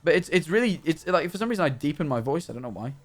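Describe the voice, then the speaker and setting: A man live streams while playing a game, chatting in a rambling way full of restarts and fillers. His fairly high voice is sing-song and fast, with soft music in the background.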